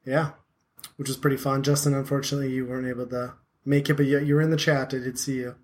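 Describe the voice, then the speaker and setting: A man in his thirties chatting as a podcast host, with a voice of middling pitch. He rambles loosely, packs his sentences with filler words and often pokes fun at himself. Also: flat delivery, fast talker. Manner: rambling, lots of "like" fillers, self-deprecating. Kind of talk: casual podcast chat.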